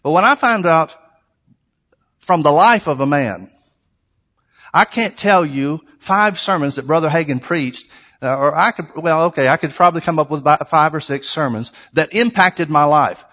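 A man's voice: a little high, normal speed, pushed and bright. A man preaching a sermon to his congregation, earnest and conversational, with emphatic repetition. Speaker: pastor. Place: church sanctuary. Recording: long reverb of a large hall.

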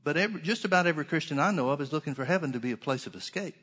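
Earnest preacher man, slightly high voice. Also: lively intonation, fairly bright tone, husky. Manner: slows and stretches scripture quotes for emphasis; earnest, repeats key phrases. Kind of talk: sermon.

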